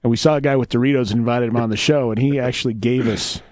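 A man's voice: mid-range voice, steady tone, quick pace, darkish tone, no room sound. A man co-hosting a radio show, joking with his co-host and laughing often. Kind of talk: casual radio chat.

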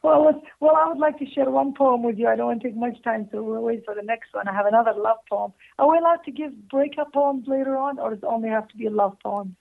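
A woman caller from Canada reading her own love poem slowly and tenderly over the phone. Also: a little high, gravelly. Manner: slow, tender recital with laughing asides. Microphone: telephone. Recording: tinny phone line.

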